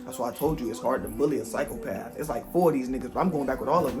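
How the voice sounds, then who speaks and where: A young man telling a personal story in a casual, animated, slangy way, speaking directly to his viewers. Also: mid-range voice, rapid-fire, few pauses, music in the background. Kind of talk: storytime vlog.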